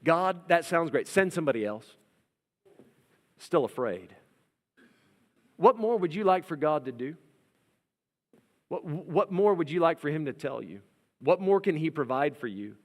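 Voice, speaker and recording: Pastor guy preaching, fairly high voice, lively and joking, long church reverb. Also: unhurried, pauses often. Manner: animated, humorous, acts out scenes. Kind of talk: sermon.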